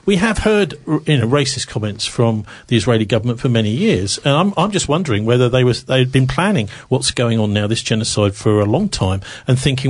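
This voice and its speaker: A man hosting an interview, asking questions with many fillers and pauses. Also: mid-range voice, big pitch swings. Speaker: interview host.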